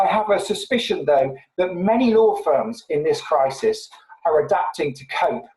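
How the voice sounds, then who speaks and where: A man's voice: on the high side, a little mellow, echoey room, poor audio. A man moderating an online panel, speaking casually and firing off a string of rhetorical questions. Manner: brisk, rhetorical questions in series. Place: online video call.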